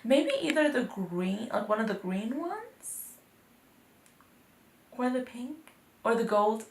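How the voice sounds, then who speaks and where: A chatty eighteen-year-old woman from North Texas gives her casual take on new beauty releases. Her voice carries a gravelly fry at the ends of phrases. The room around her is echoey. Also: on the high side, expressive, takes it slowly, a little mellow. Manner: chatty and upbeat, with frequent fillers. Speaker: beauty vlogger. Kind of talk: casual anti-haul chat.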